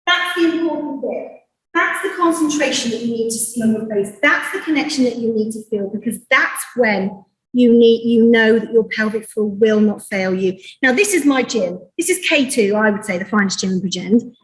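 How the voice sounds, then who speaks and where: A woman's voice: fairly high pitch, normal speed. A woman midwife, a bit out of breath, passionately coaching pelvic floor exercises in a gym. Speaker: midwife leading an exercise demo. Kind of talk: energetic exercise instruction talk. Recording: echoey room, far from mic.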